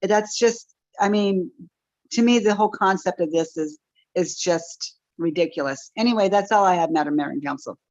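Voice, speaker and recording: A woman's voice: on the low side, normal speed, darkish tone, no room sound, lo-fi sound. A woman from Northern California giving a blunt, sarcastic public comment with many restarts.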